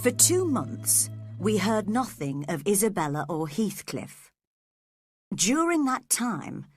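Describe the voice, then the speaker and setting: Female audiobook narrator: slow, expressive, slightly husky, dry close-mic sound. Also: medium pitch, no echo. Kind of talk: audiobook reading of a classic novel.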